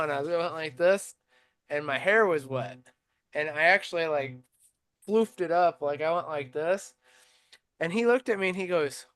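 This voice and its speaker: This podcast host talks racing at a moderate pace with a fairly high-pitched voice. His casual chat runs on lively stories full of filler words.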